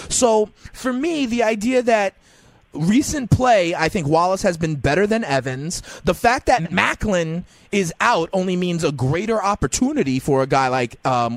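Lively, sing-song call-in radio host. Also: male voice, high voice, no echo. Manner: animated, sing-song emphasis, repeats callers' names. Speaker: fantasy football radio host. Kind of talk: call-in advice show.

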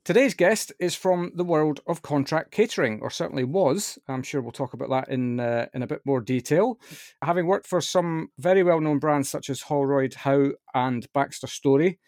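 A man's voice: on the high side, normal speed, a little mellow, dry recording, clean studio sound. A Scottish man hosting a light-hearted interview podcast, chatty and self-deprecating. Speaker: podcast host. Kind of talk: casual interview.

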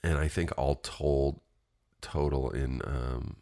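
Man, extremely low voice, rambling casual anecdote, swears freely, lots of likes and ums. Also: fairly even intonation, slow pace, dark tone. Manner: rambling and profane, with frequent fillers. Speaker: storyteller. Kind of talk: casual personal storytelling.

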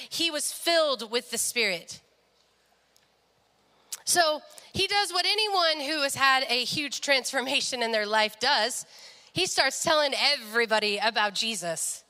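A woman's voice: high-pitched, expressive, unhurried, sharp tone, in a large hall. A young woman sharing a personal faith story in an earnest devotional talk, often quoting people in their own voices. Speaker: speaker sharing a testimony.

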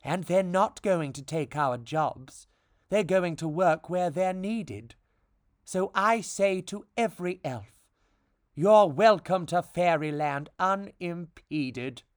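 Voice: mid-range voice, expressive, slow, dry recording, clean studio sound. A storybook reader voicing a preachy, self-assured female fairy who lectures her friend. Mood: speechifying. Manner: lecturing, speechifying.

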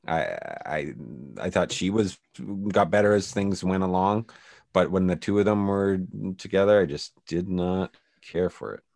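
A man's voice: low voice, steady tone, normal speed, darkish tone, no room sound, clean studio sound. A man co-hosting a podcast, speaking bluntly and swearing a lot, often restarting his sentences as he criticizes a TV episode. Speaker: podcast co-host. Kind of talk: casual chat about a TV episode.

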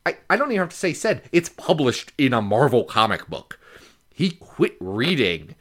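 A man co-hosting a chatty podcast, his mid-pitched voice swinging up high as he builds to a point. He restarts sentences often and laughs between them, keeping an animated, conversational flow. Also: moderate pace. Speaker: podcast co-host. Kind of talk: casual chat.

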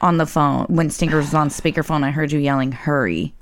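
A woman's voice: low voice, level tone, fast, no room sound, clean studio sound. A woman co-hosting a podcast, talking bluntly with slang and swearing. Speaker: podcast co-host. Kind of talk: casual chat.

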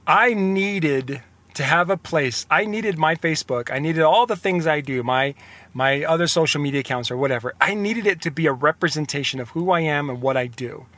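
Young man, bright forceful voice, slightly high, earnest rambling podcast monologue. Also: normal speed, no echo. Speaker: podcast host. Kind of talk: motivational monologue.

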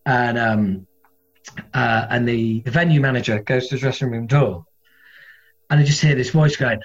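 A man, a comedian and guest, telling stories in a casual, animated way and acting out other people's voices. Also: mid-range voice, normal speed, pauses often, muffled recording. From England. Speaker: guest, comedian and former metal singer. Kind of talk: casual storytelling.

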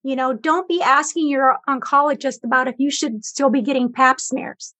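The recording is dry, capturing a woman's high, steady, pushed and bright voice at a moderate pace. As a guest on a talk show, she earnestly tells of her cancer experience in a conversational way, quoting back-and-forth dialogue.

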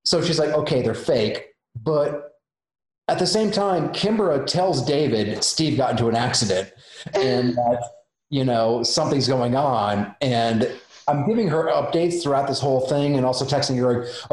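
Animated man telling a story, roomy sound. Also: medium pitch, normal speed. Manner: animated, acts out the voices in his story. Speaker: special effects makeup artist. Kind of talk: casual storytelling. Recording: roomy echo.

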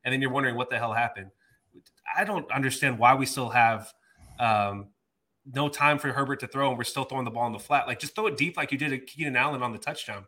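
A man's voice: medium pitch, quick pace, sharp tone. A man ranting in exasperation on a sports podcast, swearing mildly. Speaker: podcast host. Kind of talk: casual sports talk.

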